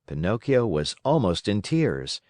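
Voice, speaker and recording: Expressive male storyteller, dry close sound. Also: fairly low pitch, unhurried, dry recording. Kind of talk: scripted narration of a children's classic for English learners.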